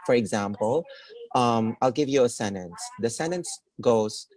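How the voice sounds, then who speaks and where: A man's voice: medium pitch, animated, unhurried, darkish tone. A man with a Filipino accent giving a webinar lecture. He mixes English and Tagalog, adds "okay?" and "no?" checks, and acts out stress and intonation examples. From Philippines. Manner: demonstrates stress and intonation aloud. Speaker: webinar speaker.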